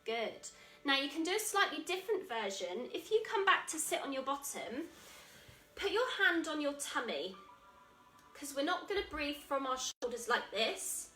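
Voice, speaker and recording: A woman with an English accent guiding a children's yoga class, calling out moves in a gentle, encouraging way. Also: sits high, very animated, normal speed. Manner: encouraging, gentle, calls out moves while exercising. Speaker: kids yoga instructor. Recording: echoey room, voice from a distance, soft music.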